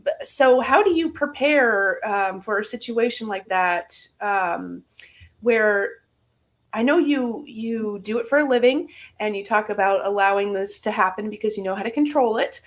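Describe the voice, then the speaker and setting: A woman's voice: medium pitch, normal speed. A woman hosting a casual interview, laughing along with her guest and asking long, winding questions with lots of fillers. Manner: relaxed, asks rambling questions with fillers. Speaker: host.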